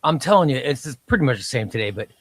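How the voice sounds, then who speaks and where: A man's voice: mid-range voice, big pitch swings, rapid-fire, slightly rough, no echo. A man on a casual comics panel chat, making his point in an insistent, emphatic way. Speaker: podcast co-host.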